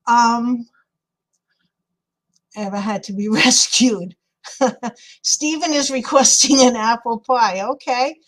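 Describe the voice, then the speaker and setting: A woman's voice: fairly high pitch, takes it slowly, pauses often, low-quality recording. Middle-aged woman, New York accent, craft livestream host, rambling and chatty, laughs easily, reads chat aloud. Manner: chatty, rambling, laughs often, answers viewers by name. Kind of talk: casual chat while crafting and reading live chat.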